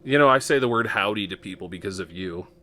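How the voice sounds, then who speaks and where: A man's voice: on the low side, quick pace, sharp tone. A man from Nebraska hosting a podcast in casual chat, rambling with lots of fillers and chuckles. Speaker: podcast host.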